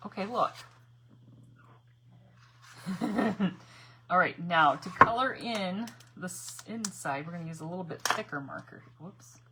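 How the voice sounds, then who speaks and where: A woman's voice: fairly low pitch, a little slow, long pauses, pushed and bright, a little hiss or hum. A woman chatting casually to her viewers while doing a craft project, laughing often and muttering to herself as she works. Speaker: craft vlogger.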